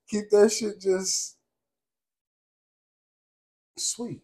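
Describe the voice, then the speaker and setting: A man's voice: medium pitch, unhurried. Young male podcast co-host, casual and profane, constantly checks in with the listener, middle-range voice. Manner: profane, streetwise storytelling with constant "you know what I'm saying"; gets loud and laughs when animated. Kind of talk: casual chat.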